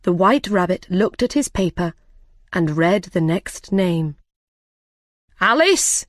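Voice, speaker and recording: A woman reading a storybook aloud in a slow, careful, plain way. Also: fairly low pitch, darkish tone, no echo, clean studio sound.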